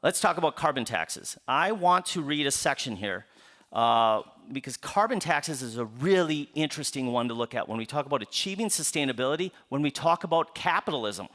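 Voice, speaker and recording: Animated midwestern man giving a lecture. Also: medium pitch, fairly quick. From Upper Midwest United States. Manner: animated, poses rhetorical questions and answers them; draws the audience in with playful asides. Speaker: author giving a book talk. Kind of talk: public lecture to a live audience.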